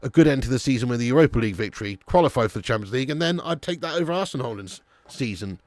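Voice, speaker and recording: A man's voice: mid-range voice, animated, rapid-fire, no room sound. A young man hosting a live football watch-along stream, chatting casually with viewers and swearing now and then. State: a little sleepy.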